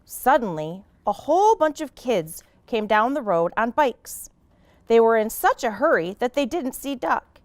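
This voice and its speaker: A woman, a children's librarian, reading a picture book aloud to kids in an expressive, gently animated way. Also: fairly high pitch, measured pace, no echo.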